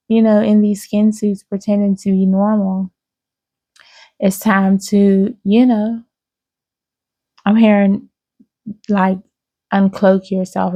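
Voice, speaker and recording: Slow, soft-toned woman giving a psychic reading. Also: mid-range voice, no echo, highs cut off. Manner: slow, drawn-out, soothing, with many "okay?" asides. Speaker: psychic reader. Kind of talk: intuitive reading to viewers.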